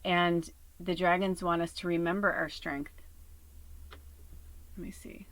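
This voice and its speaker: A woman with a lowish voice gives a casual spiritual reading from her tiny home RV. She talks in a chatty, earnest way, swears casually, and sometimes sinks to a hush. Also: level tone, measured pace, low-quality recording. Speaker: spiritual reader. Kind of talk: casual collective tarot reading.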